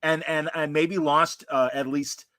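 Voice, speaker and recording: A man's voice: a little high, little pitch movement, measured pace, fairly bright tone, dry recording. A man hosting a casual chat show, talking in a rambling way with lots of fillers and restarts. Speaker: host.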